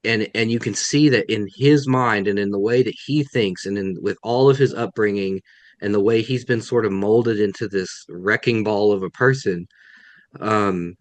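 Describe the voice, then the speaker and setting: A man's voice: on the low side, normal speed, no room sound. A man, a guest author, answering questions on a video call in a thoughtful way, often restarting his sentences. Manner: thoughtful, self-correcting, many restarts. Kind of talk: webinar Q&A answers.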